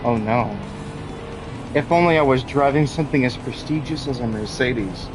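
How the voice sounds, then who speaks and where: This is casual gameplay talk from a man who streams games: his voice sits mid-range and moves at a normal speed as he dramatically bemoans his racing game in a pompous, theatrical manner. Game music blares in the background of a rough recording.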